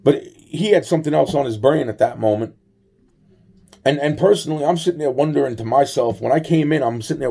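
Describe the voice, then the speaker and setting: A man's voice: mid-range voice, a little fast, vocal fry, mellow, breathy edge. A man telling a personal story in a rambling, profane way, full of restarts and acted-out dialogue. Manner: acts out both sides of conversations.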